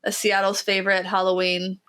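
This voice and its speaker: A woman's voice: mid-range voice, monotone, brisk, a bit bright, clean tone. A woman with a nasal voice co-hosting a podcast in casual, chatty, self-deprecating talk. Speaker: podcast co-host.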